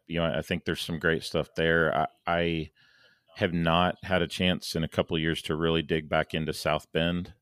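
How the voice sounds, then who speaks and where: A man from Saint Louis, a podcast guest talking casually in halting starts and restarts, his voice going hoarse. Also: extremely low pitch, fairly bright tone, dry recording, clean studio sound. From Saint Louis, USA. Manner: halting, many restarts and fillers. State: losing his voice. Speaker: guest, engineer and planner.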